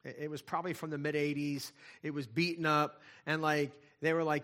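Male pastor, middle-aged, conversational sermon, bright voice, slightly high pitch, hushed to fervent swings. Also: fairly even intonation, brisk, hardly any pauses.

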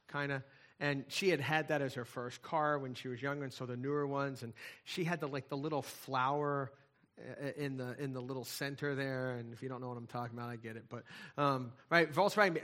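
Male pastor, middle-aged, conversational sermon, bright voice, slightly high pitch, hushed to fervent swings.

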